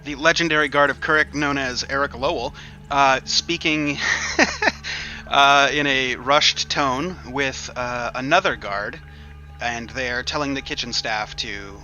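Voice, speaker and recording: A man narrating a tabletop game as game master, lively, with quick asides. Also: medium pitch, soft background music.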